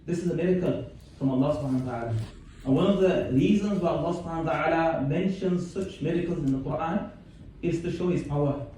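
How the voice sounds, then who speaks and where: A man's voice: on the high side, fast, warm tone. A male scholar giving a conversational religious lecture, reciting verses and explaining them, recorded from a distance in a community centre hall. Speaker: Islamic scholar giving a talk. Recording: very echoey hall, mic far off, faint noise.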